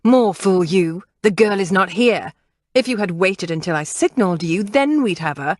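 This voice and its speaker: Woman doing a shrill scheming dressmaker. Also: animated, a little fast, no echo, studio quality. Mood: scolding. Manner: scolding, disdainful.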